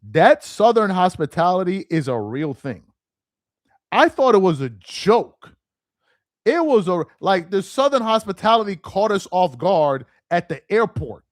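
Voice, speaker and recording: Lively, chatty man with a fairly high voice. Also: a little slow, dry recording, studio quality. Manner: animated and talkative, repeats himself, laughs easily. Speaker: live stream host reading viewer chat. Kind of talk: casual live chat.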